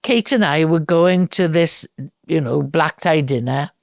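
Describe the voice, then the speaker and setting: Older Welsh woman telling lively stories. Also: sits low, measured pace, dry recording, clean studio sound. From Wales. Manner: lively anecdotal storyteller, acts out dialogue. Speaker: guest. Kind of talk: storytelling in a podcast interview.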